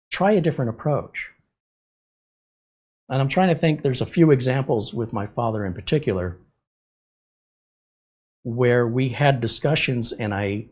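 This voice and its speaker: A middle-aged man hosts a livestream, candidly sharing a personal story in casual talk. His medium-pitched voice has a darkish, breathy quality, and the sound is lo-fi.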